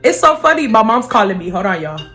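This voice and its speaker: A woman in her twenties, a vlogger telling a personal story in a chatty, animated way, swearing freely. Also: medium pitch, quick pace, soft background music. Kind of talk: casual storytime vlog.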